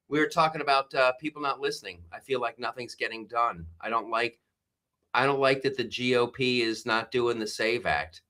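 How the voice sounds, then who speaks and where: A man's voice: mid-range voice, expressive, moderate pace, bright, forceful tone, soft background music. A man hosting a live stream, rambling through commentary with frequent restarts and laughing at his own jokes. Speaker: host.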